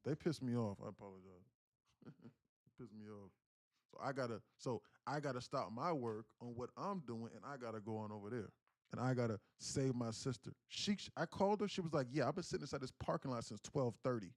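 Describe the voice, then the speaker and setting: A man in his thirties rants through a family story on his livestream. He is profane and emphatic, keeps restarting his sentences, and speaks at a middle pitch. The sound is dry and close. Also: animated, normal speed, no room sound. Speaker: day trading livestreamer.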